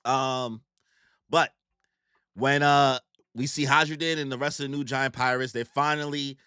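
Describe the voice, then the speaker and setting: A man's voice: mid-range voice, fairly even intonation, measured pace, pushed and bright, smooth, dry recording, clean studio sound. A man giving live manga reaction commentary in a casual, slangy way with swearing.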